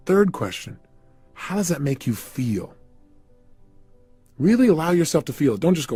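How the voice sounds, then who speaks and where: A man's voice: fairly high pitch, sing-song, moderate pace, long pauses, mellow, breathy edge, faint music behind. A man giving a guided motivational talk, emphatically firing repeated questions at the listener. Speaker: motivational speaker.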